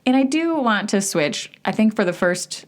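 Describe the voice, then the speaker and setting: A Southern American woman co-hosting a casual book club podcast, chatty and quick to laugh. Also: mid-range voice, lively intonation. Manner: laughs often, easy and chatty. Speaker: podcast co-host.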